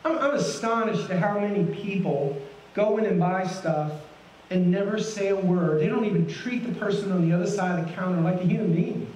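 A guest pastor in middle age preaches briskly, his high voice lively and folksy as he poses many questions. He's captured at a distance in a roomy church sanctuary with faint congregational laughter behind, plus a little hiss or hum.

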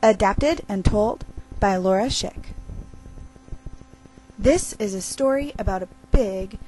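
A woman telling a picture-book story aloud with expressive, drawn-out emphasis. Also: medium pitch, slight background noise, rough recording.

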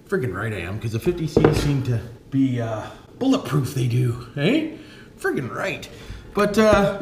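A man's voice: fairly high pitch, darkish tone. A man from Canada, chatting folksy and casual in a vlog, dropping "eh" and "friggin' right" all the time. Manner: folksy, repeats tag phrases like "eh" and "friggin' right". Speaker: vlogger. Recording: echoey space with faint noise.

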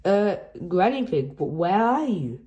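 A woman's voice: medium pitch, big pitch swings, a little slow, mellow, reverberant, dull audio. A woman voicing a cheerful, curious little girl piglet in a storybook read-aloud.

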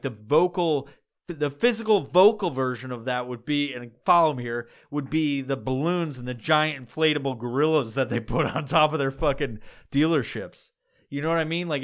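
A man hosting a solo podcast, rambling in casual talk with heavy swearing and frequent laughs. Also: mid-range voice. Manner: rambling and heavily profane, laughs often. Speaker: podcast host.

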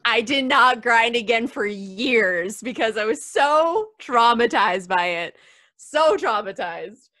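A young woman with a bright, forceful voice tells a personal story over a video call. She talks in an animated way, acting out quotes as she goes. Her voice sits a little high for a woman. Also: takes it slowly. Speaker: interview guest, wrestler. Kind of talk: casual storytelling.

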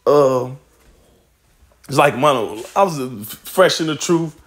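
A man's voice: fairly high pitch, slow. A man teaching scripture in a loose, casual way, swearing and laughing often as he reads verses aloud.

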